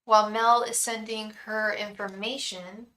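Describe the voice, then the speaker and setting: A young woman from the Bay Area runs a live tarot stream, her voice bright and forceful at a middle pitch. She chats casually with viewers and vents freely. Between stories she softly chants the same invocation to her spirit guides. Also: fairly even intonation, a little slow, echoey room, poor audio. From San Francisco Bay Area. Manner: chatty, venting, repeats a chanted invocation.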